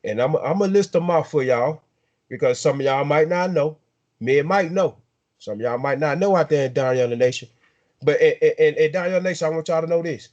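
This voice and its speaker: A man's voice: on the high side, fairly quick, darkish tone, muffled recording. A man with a South Georgia accent hosting a casual sports talk show, drawling and repeating his words as he hypes up players. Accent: Southern American, South Georgia. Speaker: sports podcast host.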